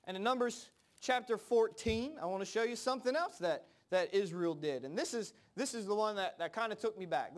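Man, high voice, casual sermon, acts out characters, repeats phrases. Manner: repeats words and phrases, frequent fillers. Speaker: preacher.

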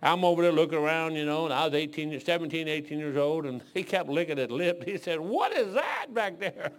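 A man's voice: on the high side, fairly even intonation, fast, clean tone. A man in his sixties from Detroit, preaching a folksy sermon full of rambling, joking stories. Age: 60s.

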